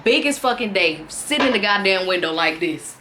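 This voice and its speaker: A young woman telling a profane, animated story in a casual vlog. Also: mid-range voice, moderate pace. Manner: animated, profane, acts out quotes loudly. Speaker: storytime vlogger.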